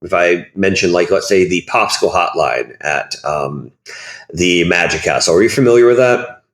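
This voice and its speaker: A man with a somewhat low voice talks as a guest in a casual interview. He rambles through animated stories, leaning on lots of fillers. The sound has a roomy echo to it. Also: moderate pace.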